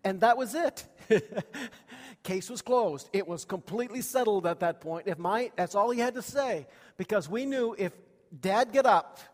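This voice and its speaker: A man's voice: high voice, normal speed, in a large hall. A man preaching a sermon to a congregation, telling childhood stories in a folksy way with many fillers and questions to the room. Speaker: pastor.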